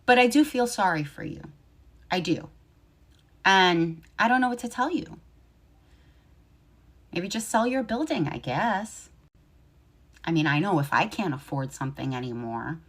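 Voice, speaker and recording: A woman's voice: lowish voice, animated, measured pace, pauses often, breathy edge. A woman in a played video giving opinion commentary with a sarcastic, mock-sympathetic edge.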